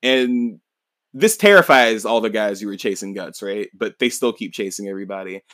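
Low-voiced guy rambling through a manga recap, swears a lot, dry close sound. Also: moderate pace, a bit bright, no room sound. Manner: rambling, swears, laughs easily. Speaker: podcast host.

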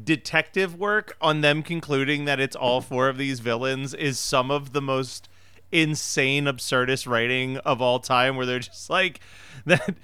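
A man with a bright, smooth voice and a slightly high pitch, co-hosting a casual movie review chat. He laughs often and acts out lines in mock-dramatic voices. The sound is dry and close. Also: fairly even intonation, a little slow, no echo. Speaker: podcast co-host.

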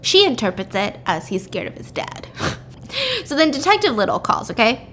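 A woman with a fairly high voice tells a story in a loose, chatty podcast style. She keeps dropping in fillers like "like" and "freaking", and a faint low rumble sits under her voice. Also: big pitch swings, normal speed, fairly bright tone. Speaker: podcast host. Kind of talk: casual story recap.

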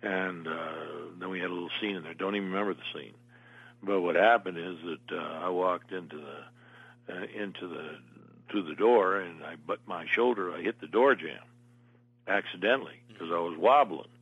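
An older man, an actor, appears as an interview guest and tells long, meandering anecdotes in a casual storytelling style. His voice is low-pitched with a breathy edge and normal speed, on a dry, lo-fi recording.

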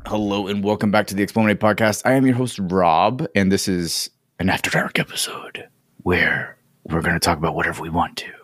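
A man hosting a relaxed podcast chat, easygoing and often repeating his first words. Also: low-pitched, a little fast, soft background music. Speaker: podcast host.

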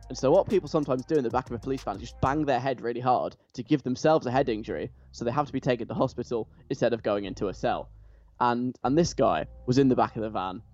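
A man talks in a loose, casual way, piling on enthusiasm and tripping over his own restarts. His pitch sits right in the middle for a man. Faint music plays quietly behind him. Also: fast, lo-fi sound. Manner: animated, gushing, with frequent restarts.

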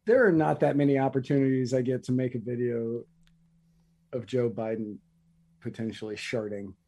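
A man's voice: medium pitch, normal speed, dark tone. A man co-hosting a casual political commentary show, joking and bantering with his partner. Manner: joking, bantering, laughs at his own jokes. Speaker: co-host.

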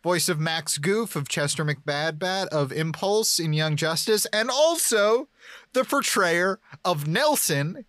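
A man co-hosting a podcast in casual chat, joking and laughing through quick asides. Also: high voice, animated, fairly bright tone, dry recording, clean studio sound. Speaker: podcast co-host.

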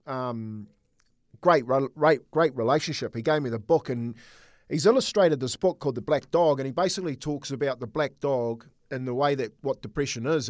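Casting note: middle-aged man, earnest storyteller, mid pitch, dry booth sound. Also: a little mellow, no echo. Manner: earnest, storytelling, repeats words while thinking. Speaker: former rugby league coach, co-host. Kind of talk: casual sports chat.

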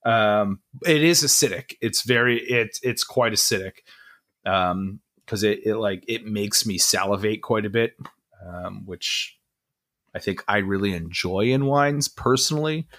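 A man's voice: lowish voice, a little slow, a bit bright. A young man co-hosting a podcast, chatting casually and enthusiastically with lots of fillers. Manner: enthusiastic, rambling with many fillers. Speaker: podcast co-host. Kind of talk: casual chat.

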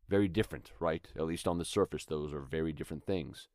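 A man's voice: rumbling low, rapid-fire, hardly any pauses, no echo, clean studio sound. A man hosting an acting podcast, explaining script work in a thoughtful, conversational way and sometimes reading lines aloud to show them. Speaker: acting coach podcast host. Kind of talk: instructional talk.

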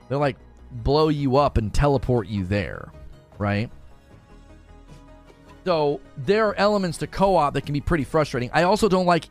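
A man streaming casually, reading his chat aloud and arguing his points, often repeating words as he rushes ahead. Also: a little high. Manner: animated, argumentative, repeats words while rushing ahead.

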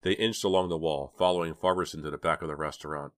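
A man reading a novel aloud as an audiobook, in an even, measured storytelling manner. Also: a bass voice, no echo, studio quality. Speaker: audiobook reader. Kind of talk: audiobook narration.

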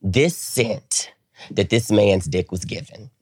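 A young man co-hosting a podcast, telling a story in a casual, animated way and acting out the quotes. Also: on the low side, slow pace, slightly rough, no room sound, clean studio sound. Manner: animated, dramatic retelling with acted-out quotes and frequent profanity. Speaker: podcast co-host.

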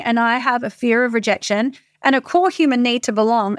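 A woman's voice: on the high side, no room sound, studio quality. A woman in her thirties, a coach, talking casually and candidly with frequent swearing, in a motivational monologue. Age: 30s.

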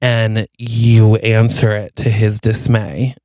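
A man co-hosting a podcast, improvising a romantic movie plot, telling it deadpan in the second person. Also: on the low side, slow pace, dry recording. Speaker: podcast co-host. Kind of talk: improvised comedic storytelling.

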